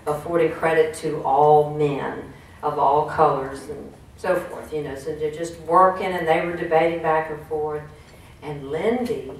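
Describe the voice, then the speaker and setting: A woman giving a folksy motivational talk to a room, often putting questions to the audience. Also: low-pitched. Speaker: speaker at a women's business network. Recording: echoey room, distant mic, faint noise.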